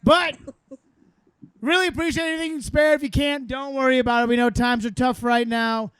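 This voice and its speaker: A male host wraps up an open-air comedy show with upbeat thanks. His voice is very high and smooth, and he talks straight to the crowd. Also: steady tone, a little fast, fairly bright tone, dry recording. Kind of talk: closing announcements. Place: outdoor park show.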